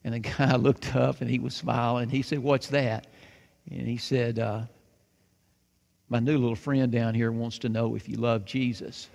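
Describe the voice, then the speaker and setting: A man preaching a sermon, telling a story with lively acted-out dialogue and hushed moments. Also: mid-range voice, normal speed, vocal fry. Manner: animated, acts out dialogue, drops to hushed tones. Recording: long reverb of a large hall.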